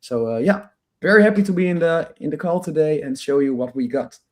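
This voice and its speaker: A man with a cold, a bit hoarse, answering as a guest on a video call and often restarting his sentences. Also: on the high side, lively intonation, brisk, darkish tone. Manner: restarts, repeats words. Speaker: guest, company founder. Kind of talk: casual interview talk.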